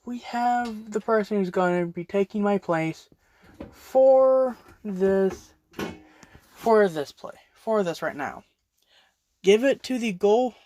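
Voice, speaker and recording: A narrator putting on a loud showy male announcer. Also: medium pitch, a little hiss or hum, pitched above the performer's own voice. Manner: hyped, emcee-style greeting.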